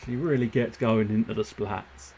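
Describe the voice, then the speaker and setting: A man's voice: lowish voice, fairly even intonation, moderate pace, creaky, muffled recording, background noise. A man giving casual, joking commentary over a game, often laughing and reading the dialogue aloud. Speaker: game let's-play commentator. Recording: game music behind.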